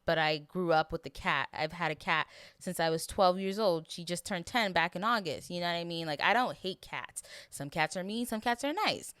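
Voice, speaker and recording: Emotional young woman, smooth low voice. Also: bright, forceful tone, no echo, studio quality. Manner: emotional, rambling, swears freely. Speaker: podcast host. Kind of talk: casual solo podcast review.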